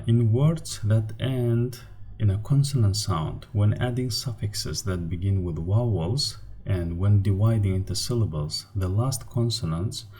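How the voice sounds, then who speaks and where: A man with a low, dark voice and a Turkmen accent teaches a slide-based grammar lesson. He is hesitant, sounding out syllables one by one amid many fillers and restarts.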